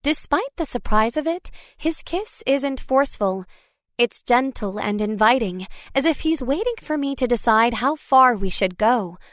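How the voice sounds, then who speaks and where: A woman reading a first-person story aloud as an audiobook narrator, expressive and wry. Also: a little high, measured pace, dry recording, studio quality.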